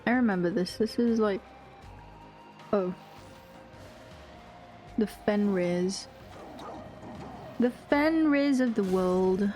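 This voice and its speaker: Slow and mellow, with long pauses, this young woman speaks at medium pitch while soft music plays. She's live-streaming a game, chatting casually with her audience, reading messages out loud and often giggling.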